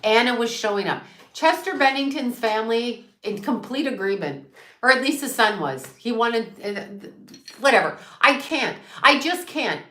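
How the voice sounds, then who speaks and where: A woman's voice: a little high, animated, moderate pace, pushed and bright, echoey room. A woman who is a psychic medium, talking in a defiant, profane rant and repeating herself for emphasis on her channel. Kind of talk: ranting livestream chat.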